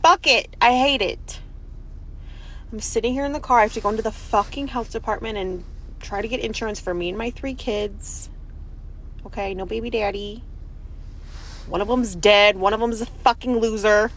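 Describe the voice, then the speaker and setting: Gravelly frustrated woman venting in a car. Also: medium pitch, fairly even intonation, normal speed, long pauses, poor audio. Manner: frustrated, swearing, emphatic. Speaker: single mother of three. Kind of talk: venting selfie video. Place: parked car.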